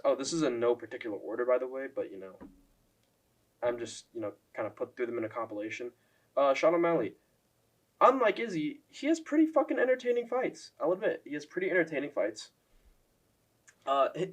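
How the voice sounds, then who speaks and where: A young man casually ranting on his MMA channel, swearing often and filling with "like" as he ranks fighters. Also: medium pitch. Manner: profane, lots of "like" fillers, mocking impressions. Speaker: MMA commentary YouTuber. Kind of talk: casual ranking rant.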